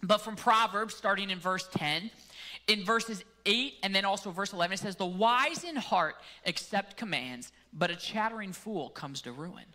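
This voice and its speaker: Bright-voiced Canadian pastor preaching. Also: male voice, high-pitched, normal speed. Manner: casual, joking asides. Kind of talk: sermon.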